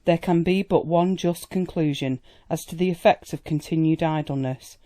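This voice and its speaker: An audiobook narrator reading a period novel in a measured, even way. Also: medium pitch.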